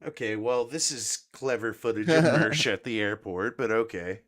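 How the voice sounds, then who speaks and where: A man hosting a casual late-night podcast chat over a video call. He sounds a little high and tired, laughs often and swears a lot. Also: normal speed, noisy background. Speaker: podcast host.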